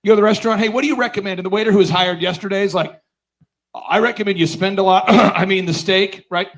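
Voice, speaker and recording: A middle-aged man telling a comic story as a business conference speaker, loud and animated when he acts out scenes, laughing as he goes. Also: high voice, rapid-fire, low-quality recording. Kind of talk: comedic storytelling keynote. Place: conference stage before a live audience.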